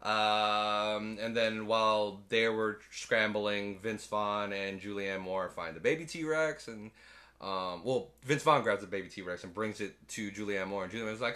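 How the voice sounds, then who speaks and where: A man's voice: on the low side, steady tone, normal speed, pushed and bright. A man in casual podcast chat, rambling through a movie plot, swearing often and acting out lines. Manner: rambling, swears a lot, acts out quotes.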